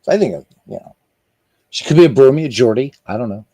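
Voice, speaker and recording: A man's voice: medium pitch, expressive, fast, dark tone, no echo. A man hosting a live stream in casual chat, rambling and chatty as he greets viewers by name.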